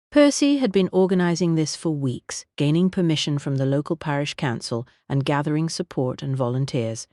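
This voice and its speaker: An audiobook narrator reading a period mystery novel in an even, measured storytelling manner. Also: mid-range voice, no room sound, clean studio sound.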